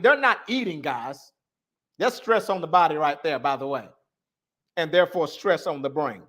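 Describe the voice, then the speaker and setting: A man hosting a casual livestream, talking to his chat in an animated, repetitive way. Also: very high-pitched. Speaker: livestream host.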